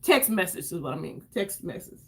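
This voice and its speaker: A woman's voice: fairly low pitch, big pitch swings, fairly quick, a bit bright. A woman in her fifties chatting casually on a livestream while doing her makeup, effusive and greeting viewers by name. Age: 50s.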